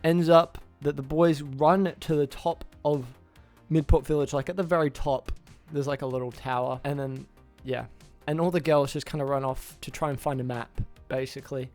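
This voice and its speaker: A man's voice: on the high side, fairly even intonation, normal speed, a little mellow, faint music behind. A man casually recapping a film's plot for his channel, rambling, restarting names and acting out the characters' lines. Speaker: YouTuber reviewing a film.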